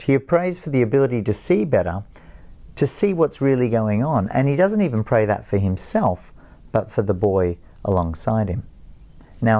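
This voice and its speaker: A man's voice: mid-range voice, creaky, warm tone. A middle-aged man giving a chapel sermon, telling the story with animation and self-deprecating asides. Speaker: college chapel speaker.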